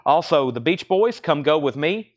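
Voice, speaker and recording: A man's voice: on the high side, animated. A man hosting a live record sale, rattling off titles and prices with chatty asides. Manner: rapid-fire listing of items and prices, chatty asides. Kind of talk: live-stream auction calling.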